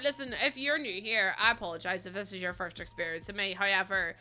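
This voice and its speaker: A woman's voice: mid-range voice, quick pace. A young Northern Irish woman chatting casually on a livestream, unfiltered and prone to laughter and sudden squeals. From Northern Ireland. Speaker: streamer. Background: soft background music.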